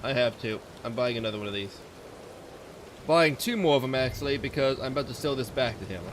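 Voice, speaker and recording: A man's voice: mid-range voice, a little fast, background noise. A man streaming a game, talking off the cuff in a rambling, profane way and getting easily exasperated. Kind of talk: off-the-cuff gaming commentary.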